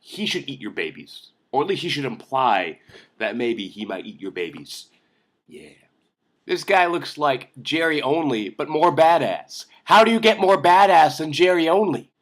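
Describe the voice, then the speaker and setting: A young man hosting a comedic film commentary vlog, sarcastic and excitable, ranting with jokes. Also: fairly high pitch, normal speed. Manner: sarcastic, excitable, jokey rants. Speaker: vlog host.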